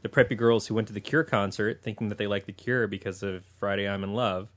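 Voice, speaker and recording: A man's voice: lowish voice, fairly even intonation, fast. A man co-hosting a casual podcast chat, rambling about music with wry, jokey asides. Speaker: podcast co-host.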